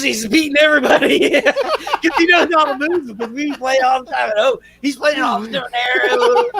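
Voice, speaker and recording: Young man, podcast co-host, high voice, animated storytelling, casual chat. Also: brisk, gravelly. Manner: animated storyteller acting out his dad's lines. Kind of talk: casual chat, telling family stories.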